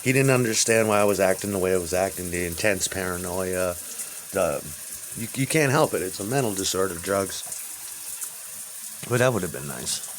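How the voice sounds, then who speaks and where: A man in his fifties telling rambling personal stories, profane and halting, with restarts. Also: low-pitched, expressive, slight background noise. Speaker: interviewee.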